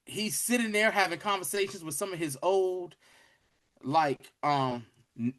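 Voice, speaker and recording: With a high, fairly bright voice and a slightly slow pace, a young podcast co-host chats casually about a show. He relives its scenes with animation, slang and acted-out quotes.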